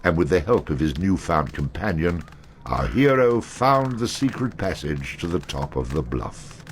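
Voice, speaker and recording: A man's voice: sits low, very animated, measured pace, a little hiss or hum. An actor playing a sardonic male storyteller, giving wry, mocking scripted narration.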